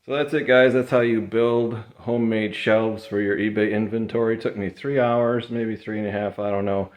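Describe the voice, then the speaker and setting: A man's voice: on the low side, moderate pace. A man from the Midwest vlogging about his eBay reselling in a casual, rambling way, tired and sweating in an insulated garage. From American Midwest. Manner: relaxed, rambling, chatty with fillers. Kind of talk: casual vlog talk.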